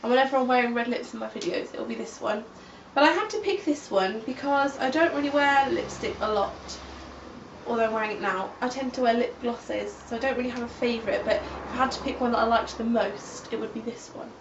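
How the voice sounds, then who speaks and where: Girl joking around, kinda high voice, sounds a bit far and roomy. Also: a little fast, background noise. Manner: teasing and playful. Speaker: beauty vlogger. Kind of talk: casual chat about makeup favourites. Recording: echoey dull audio, a little off-mic.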